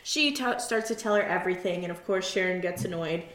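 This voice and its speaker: A woman's voice: on the low side, brisk, fairly bright tone. Chatty woman co-host in roomy echo. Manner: chatty, frequent "like" fillers, laughs easily. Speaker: podcast co-host. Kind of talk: casual chat recapping a reality show.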